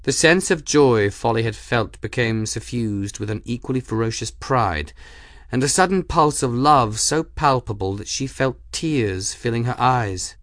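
A man narrating a fantasy audiobook in measured, even scripted narration. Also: mid-range voice, dry recording, studio quality.

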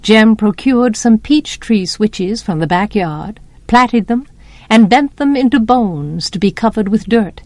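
Slow, expressive woman narrator. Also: mid-range voice, no room sound. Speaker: audiobook narrator. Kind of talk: storybook narration.

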